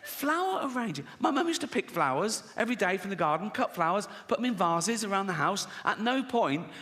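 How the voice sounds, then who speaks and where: A man's voice: high voice, animated, fairly quick, bright, forceful tone. A middle-aged English comedian doing a stand-up set on a big theatre stage, sardonic and swearing, often laughing at his own jokes. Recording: live concert hall reverb, faint audience noise.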